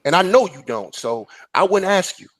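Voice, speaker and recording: A man's voice: high-pitched, sing-song, normal speed. A man on a live discussion panel telling a blunt, profane story. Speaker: panel guest.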